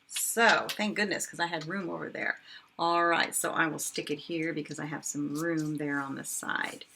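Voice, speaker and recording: A woman teaching a phonics lesson for children and their parents, slowly sounding out each word for listeners to repeat. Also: low voice, fairly even intonation, creaky, pushed and bright, slight background noise. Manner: slow, exaggerated word modeling. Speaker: kindergarten teacher.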